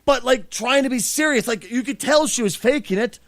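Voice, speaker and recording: A man's voice: very high voice, normal speed, no echo, clean studio sound. A middle-aged man hosting a podcast, telling a profane story in a casual way and acting out what people said. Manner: profane, animated, acts out quotes. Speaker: podcast host.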